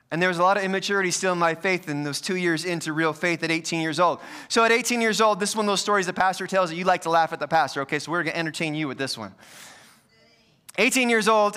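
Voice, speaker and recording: Male pastor, clear smooth voice, self-deprecating storyteller in the pulpit. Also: high-pitched, bright, forceful tone. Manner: storytelling, self-mocking humor. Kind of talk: sermon with personal story.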